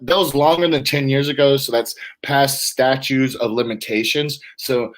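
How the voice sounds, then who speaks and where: A relaxed man from Florida co-hosting a casual talk show, rambling easily from one story to the next. His voice sits at an ordinary middle pitch, and he often drops into a hushed tone to mimic other people. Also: moderate pace, poor audio. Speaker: podcast co-host. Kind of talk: casual chat.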